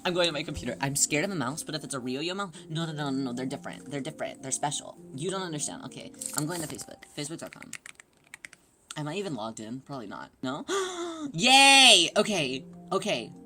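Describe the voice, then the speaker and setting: A woman livestreamer chatting casually with her viewers, excitable and gushing as she greets people in chat. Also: low-pitched, fast, over music.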